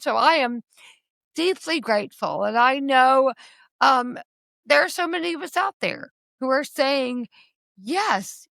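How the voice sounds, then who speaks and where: A woman's voice: high voice, gravelly, a bit bright, dry recording. A woman in her forties hosting a podcast interview, talking in an earnest, impassioned way with emphatic appeals. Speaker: podcast host.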